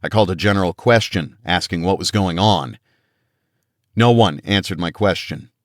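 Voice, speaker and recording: A man's voice: sits low, moderate pace, no echo, clean studio sound. A man reading a first-person action audiobook in a tense, dramatic storytelling manner. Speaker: audiobook narrator. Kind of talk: first-person scripted narration.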